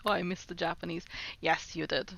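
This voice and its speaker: Her voice on the low side with vocal fry, the Norwegian livestreamer talks fairly quickly in a steady, slightly bright tone. She plays a language app on stream, giggling, self-mocking, and joking casually with her chat.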